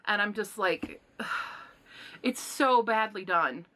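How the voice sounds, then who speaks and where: A woman giving a casual book review, retelling plots in an animated, indignant rant with sighs and exasperated asides. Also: medium pitch, takes it slowly.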